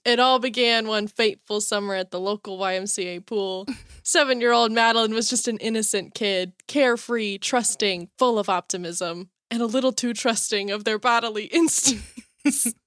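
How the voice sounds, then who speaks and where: A woman's voice: mid-range voice, normal speed, a bit bright, clean tone, dry recording, clean studio sound. A woman co-hosting a podcast in casual chat, often breaking into helpless laughing fits as she reads aloud. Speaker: podcast co-host.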